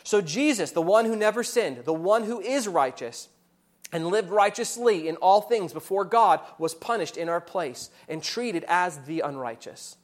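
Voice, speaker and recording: Preaching an earnest sermon at a moderate pace, this male pastor uses lively intonation. He grows loud when accusing and turns quiet and gentle when reflecting.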